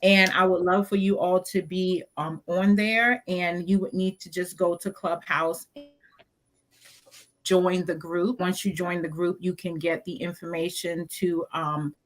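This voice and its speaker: Low-voiced woman plugging her coaching business. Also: steady tone. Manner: unhurried promotional talk with many ums. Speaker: panel guest, business coach. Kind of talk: casual online panel chat.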